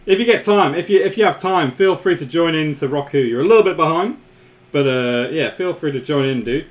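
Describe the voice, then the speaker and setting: A man's voice: a little high, moderate pace. A man hosting a live stream, chatting casually with viewers, laughing often and repeating himself.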